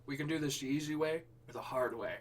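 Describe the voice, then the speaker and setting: A man's voice: a little high, fast talker, distant mic, lightly acted. A man reading the lines of a cocky male secret agent in a cliché action-movie parody story, close to his own voice.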